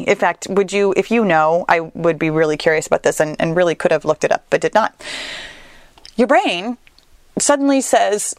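Animated woman podcaster, dry close sound. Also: mid-range voice, dry recording. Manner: conversational, animated, with playful asides. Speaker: podcast host. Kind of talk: solo podcast talk.

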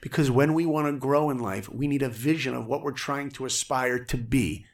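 A middle-aged man with a gravelly edge tells his story as a podcast guest. His pitch sits in the middle, and he keeps slipping into voices for the people he quotes. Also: moderate pace. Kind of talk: animated storytelling in a podcast interview.

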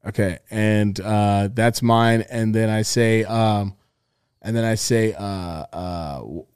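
A man's voice: lowish voice, steady tone, takes it slowly, darkish tone, clear, resonant tone, dry recording, clean studio sound. A man co-hosting a comedy podcast, rambling through a bit with lots of fillers and swearing. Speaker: podcast co-host. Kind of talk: casual comedy chat.

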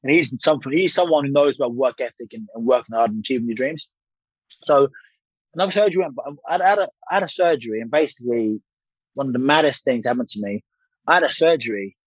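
A man's voice: mid-range voice, expressive, quick pace, no room sound, lo-fi sound. A man in his thirties, a former boxer telling a long story as a guest, candid and swearing freely, with rambling restarts. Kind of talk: casual storytelling interview.

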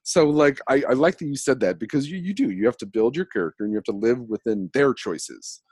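A man hosting a casual chat about role-playing characters, talking in a chatty, animated way and laughing often. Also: mid-range voice, a little fast, husky, dry recording.

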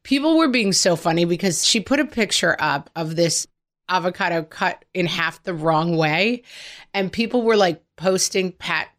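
Woman, middle-aged, low voice, podcast co-host, casual animated chat. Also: normal speed. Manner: chatty, animated storytelling.

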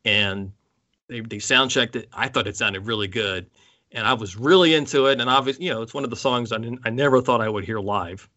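A man's voice: medium pitch, bright, forceful tone, lo-fi sound. A man co-hosting a podcast, chatting casually and enthusiastically about concert tours, often restarting his sentences. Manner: enthusiastic, halting with restarts and laughs. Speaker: podcast co-host.

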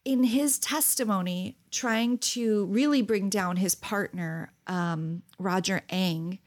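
This podcast co-host has a medium-pitched voice and a slow pace. During casual chat she spins animated stories, laughing frequently and acting out quotes.

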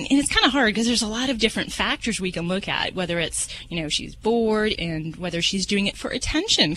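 A woman's voice: medium pitch, rough recording. Chatty woman veterinarian on the radio. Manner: warm, chatty, says um a lot. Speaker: veterinarian guest. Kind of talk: explaining on a call-in radio show.

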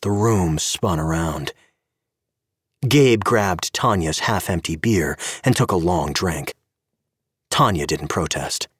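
A man giving an expressive scripted narration of an audio story. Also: low voice, slow, breathy edge, no room sound, studio quality.

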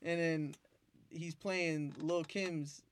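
A man, a beat producer, telling profane, animated stories in a casual interview. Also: a little high, drawn-out words. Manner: profane, animated storytelling with acted-out quotes.

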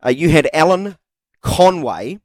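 Teasing New radio sports host. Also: male voice, on the high side, expressive, a little mellow, dry recording. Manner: teasing, quick to jump in. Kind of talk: casual sports radio banter and headlines. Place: radio studio. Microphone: studio microphone.

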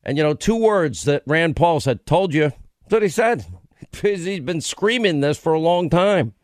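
Animated, exasperated male talk radio host. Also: on the high side, a little slow, no room sound, studio quality. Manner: animated, exasperated, interrupts callers. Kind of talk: talk radio call-in chat. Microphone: studio mic.

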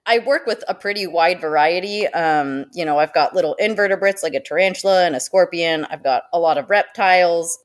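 A woman with a somewhat low voice chats as a podcast guest about her work in zoo education. She talks in an animated way, with fillers and frequent laughs. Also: a little fast, hardly any pauses. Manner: animated and chatty, laughs often, uses many fillers. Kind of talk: casual podcast interview.

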